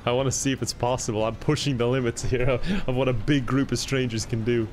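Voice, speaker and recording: A man's voice: mid-range voice, steady tone, normal speed, a little mellow. A man commentating a game, joking and laughing often, sometimes in a put-on cowboy voice. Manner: laughs often, playful, jokey. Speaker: gaming YouTuber.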